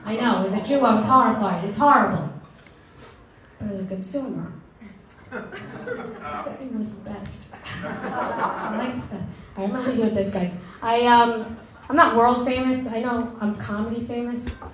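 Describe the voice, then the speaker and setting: A woman's voice: on the high side, moderate pace, fairly bright tone. Brash New woman doing stand-up. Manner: brash, self-mocking punchlines. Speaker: stand-up comedian. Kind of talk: stand-up set. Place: comedy club stage. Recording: echoey club with audience laughter.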